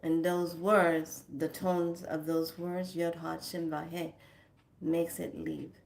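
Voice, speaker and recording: Slow, emphatic woman with a lowish voice, teaching to camera in a colloquial way. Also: little pitch movement, creaky, darkish tone. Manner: slow, emphatic, colloquial; chants words drawn out. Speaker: spiritual teacher.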